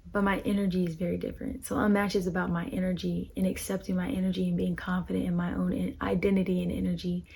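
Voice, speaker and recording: A woman's voice: mid-range voice, husky. A young woman musician talking casually and earnestly about her music, rambling with lots of fillers. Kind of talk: casual heartfelt talk to camera.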